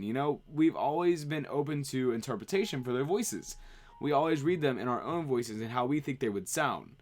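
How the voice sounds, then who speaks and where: A man streaming, chatting casually and rambling as he answers viewer questions. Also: medium pitch. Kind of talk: casual livestream chat.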